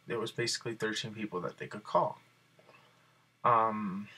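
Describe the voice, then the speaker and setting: A man vlogs casually in a somewhat low voice with a bright, tense edge and a husky grain. He tells his story in an excited, rambling way and leans on fillers as he goes. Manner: excited and rambling, many fillers like "like" and "you know". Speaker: video blogger.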